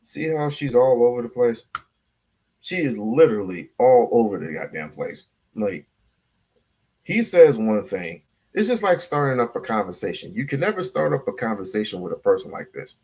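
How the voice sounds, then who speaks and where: A man's voice: mid-range voice, very animated, moderate pace, a little mellow, slightly rough. A man hosting a casual reaction show, blunt, profane and sarcastic. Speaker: show host.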